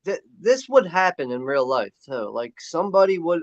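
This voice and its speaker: A man's voice: fairly high pitch, very animated, moderate pace, dry recording. Laid-back guy saying "like" a lot. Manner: laid-back, heavy use of "like", laughs easily. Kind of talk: casual movie commentary. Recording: dry dull lo-fi sound.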